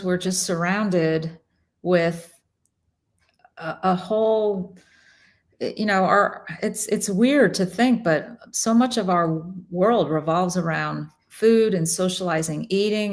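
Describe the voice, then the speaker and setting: A woman's voice: medium pitch, slow pace. A woman doctor hosting an interview, speaking in a reflective, casual way with many restarts and "you know"s. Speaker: host, doctor.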